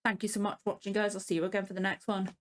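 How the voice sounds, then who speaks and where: Speaking rapid-fire in a level, medium-pitched voice, this reaction channel host chats casually on her vlog, with a little hiss or hum in the audio. She's emotional and near tears, gushing and rambling with frequent restarts.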